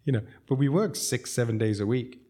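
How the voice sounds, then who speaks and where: A man's voice: mid-range voice, fairly quick, dark tone. A man from South Africa, a restaurateur guest, telling long rambling stories with frequent chuckles. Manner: rambling, chuckles often, self-interrupting. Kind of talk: casual storytelling.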